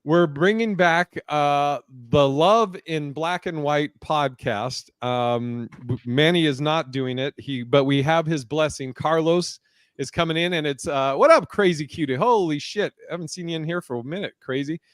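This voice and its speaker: A man in his thirties hosting a casual podcast, telling stand-up stories in a lively, swearing, laughing way. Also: fairly high pitch, moderate pace, clean tone, no room sound. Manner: animated storyteller, swears freely, laughs a lot. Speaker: podcast host and comedian. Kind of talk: casual podcast chat, storytelling.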